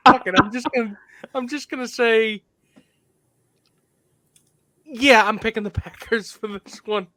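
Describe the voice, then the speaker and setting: A man co-hosts a podcast in a loose, joking way and swears casually as he talks. His voice is bright and sits dry and close to the mic. He keeps the whole thing offhand. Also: high-pitched, measured pace, long pauses, dry recording. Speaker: podcast co-host. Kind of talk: casual sports chat.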